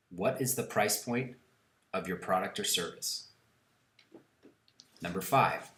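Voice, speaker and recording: A man giving a recorded online lesson in an instructive way, repeating key questions slowly and deliberately. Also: sits low, a bit bright, echoey room. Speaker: course instructor.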